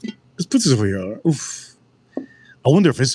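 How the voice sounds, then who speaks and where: A man hosting a casual livestream drink review, rambling and joking with sudden animated outbursts. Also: medium pitch, moderate pace, breathy edge. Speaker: livestream host.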